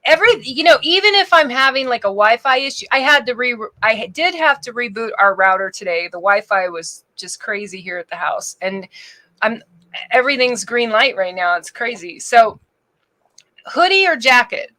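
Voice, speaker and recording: A woman's voice: a little high, lively intonation, normal speed, bright, forceful tone. A young woman from Louisiana co-hosting a live-stream interview, chatty and rambling in a bubbly way. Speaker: co-host. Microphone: home microphone on a live stream.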